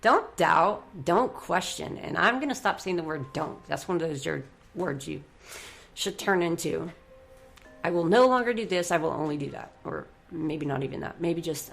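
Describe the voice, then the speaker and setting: A woman hosting a motivational radio show, leading a guided breathing exercise and cheering her listeners on in an effusive, upbeat way that swings from soft to excited. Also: fairly low pitch, moderate pace, gravelly, faint music behind.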